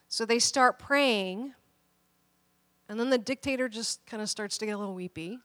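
A woman's voice: a little high, steady tone, unhurried, a bit bright. A woman pastor telling a story in a casual, chatty sermon, with plenty of fillers and restarts. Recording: long hall reverb.

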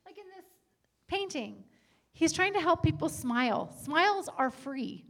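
A woman speaking in church, earnestly and gently encouraging kindness, with frequent fillers. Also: sits high, lively intonation, unhurried. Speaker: guest speaker on church stage. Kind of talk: church talk on etiquette.

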